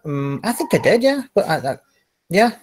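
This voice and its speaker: A man's voice: sits high, very animated, normal speed, a little hiss or hum. A man in casual online chat, explaining points carefully with hesitant repeats.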